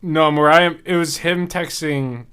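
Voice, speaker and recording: A man's voice: on the high side, steady tone, measured pace, pushed and bright, clean tone. A man co-hosting a podcast in casual chat, reading messages aloud from his phone and laughing between lines. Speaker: podcast co-host.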